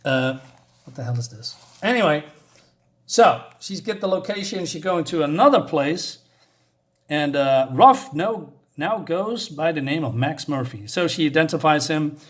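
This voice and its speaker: A man's voice: on the high side, animated. Rambling man reading a comic aloud. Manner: halting, many fillers and restarts, reads characters' lines aloud. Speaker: comic book reviewer. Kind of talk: casual comic read-through with quoted dialogue.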